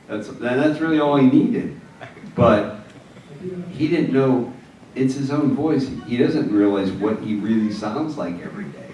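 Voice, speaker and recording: A man's voice: mid-range voice, a little slow, dark tone, a little hiss or hum. An older man presenting a ventriloquism workshop, chatty and joking as he tells stories, heard from far off. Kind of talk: workshop talk. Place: conference room with audience. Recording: echoey room from far off with audience.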